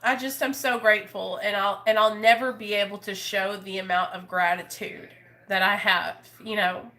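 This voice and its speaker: A woman's voice: medium pitch, steady tone, normal speed, pushed and bright. A woman YouTuber talking openly with her viewers in an earnest, emotional, rambling way. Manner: rambling, restarts often. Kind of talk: heartfelt live chat with viewers.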